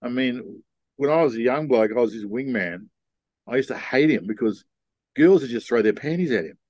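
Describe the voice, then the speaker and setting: An older man tells stories as a podcast guest, in a frank, reflective way that circles back on itself. His voice sits at a middle pitch. The sound is dry and close. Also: expressive, normal speed, darkish tone, no echo. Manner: rambling, frank and reflective, with frequent ums and restarts. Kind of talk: casual storytelling conversation.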